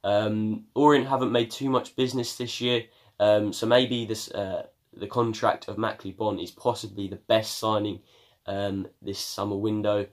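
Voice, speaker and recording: Young male vlogger from England, low voice, chatty unscripted news roundup with filler words. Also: level tone, normal speed. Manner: chatty, with many ums and uhs. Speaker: football vlogger. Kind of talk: casual video news roundup.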